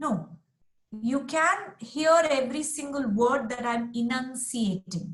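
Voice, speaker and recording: A woman's voice: high voice, lively intonation, normal speed. A woman teaching a class over a video call, patiently modelling sentences for her students. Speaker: English teacher. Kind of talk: online class instruction. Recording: roomy echoey sound.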